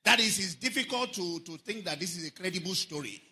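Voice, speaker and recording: A man preaching a lively sermon, often lifting his voice into a sing-song and asking the congregation whether they are following. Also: high-pitched, brisk. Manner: animated preaching, sing-song emphasis, asks the congregation questions.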